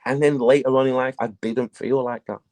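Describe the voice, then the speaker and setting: A man, a battle rapper, telling stories in a casual interview, profane and animated. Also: medium pitch, a little fast.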